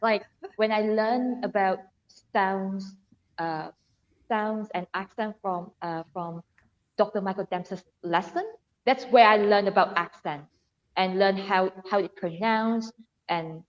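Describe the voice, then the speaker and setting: A woman's voice: medium pitch, slow pace. A woman with a Malaysian Chinese English accent, a guest in a casual chat, talking hesitantly and repeating her words. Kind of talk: casual video-call chat. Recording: dull lo-fi audio with long reverb.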